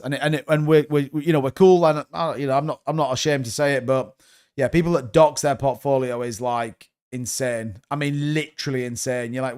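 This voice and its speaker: A man's voice: medium pitch, fairly even intonation, fairly quick, a little mellow, clear, resonant tone. A man in his thirties, hosting a crypto livestream, talking bluntly and rambling, sometimes swearing. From United Kingdom. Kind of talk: casual livestream chat.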